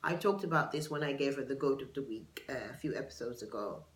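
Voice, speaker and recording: A British woman hosts a solo podcast, chatting casually and drifting into gossipy asides, recorded on a camera for a video podcast. Her bass voice is expressive and quick, with roomy, poor audio.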